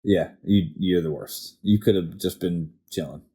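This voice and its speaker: Brief: low-voiced young male co-host, dark mellow tone, laid-back and profane. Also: fairly even intonation, unhurried, slightly rough. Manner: laid-back, short agreeing replies, profane asides. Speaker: podcast co-host. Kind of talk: casual TV episode discussion.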